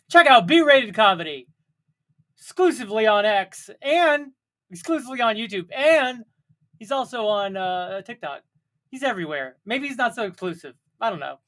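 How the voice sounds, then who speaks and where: A man's voice: high voice, pushed and bright. A young man hosting a casual solo livestream, rambling with jokey, self-mocking asides. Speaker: livestream host.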